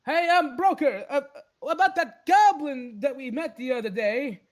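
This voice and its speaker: A man doing a high flustered craftsman. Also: moderate pace. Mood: hesitant. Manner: flustered, hesitant, stammering. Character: fussy flustered male craftsman, frazzled.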